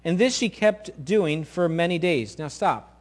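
A middle-aged male pastor preaching a sermon, animated and sometimes acting out quoted voices loudly. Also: fairly high pitch, a little slow.

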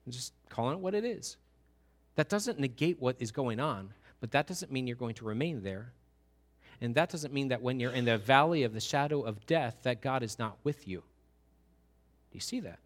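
A middle-aged man preaching a sermon, animated and acting out little voices of churchgoers to make his points. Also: medium pitch, normal speed. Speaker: pastor.

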